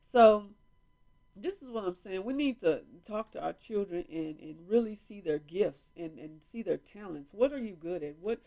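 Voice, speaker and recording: A woman's voice: mid-range voice, animated, normal speed, warm tone. A woman in casual live-stream talk, chatting to viewers as y'all from home with a small microphone. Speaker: vlog host. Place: indoors, at home. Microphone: small microphone on a phone or camera.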